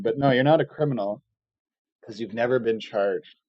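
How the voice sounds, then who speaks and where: A man on a live stream rants casually and at length, swearing, using filler words, and mocking things with sarcasm. His pitch is medium and he talks at normal speed. The recording is dry and muffled.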